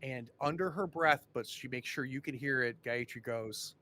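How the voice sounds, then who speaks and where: A man's voice: mid-range voice, moderate pace, pushed and bright, a little hiss or hum. A man acting as game master, narrating a tabletop game descriptively, with hesitations and repeated words.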